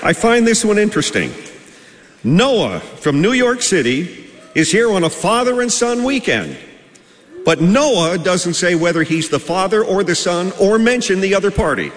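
A male announcer hosting a live radio broadcast, with a high and very animated voice. He reads sponsor lines and audience greetings in a smooth emcee style. A long hall reverb hangs behind him, with faint music underneath. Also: normal speed, slight background noise. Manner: smooth emcee reading sponsor copy and shout-outs. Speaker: show announcer. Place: large live venue.

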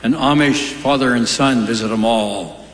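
Performing stand-up in a large hall, a man with a medium-pitched voice speaks at a moderate pace. He mixes dry one-liners with long joke stories, captured live on stage with a lot of echo.

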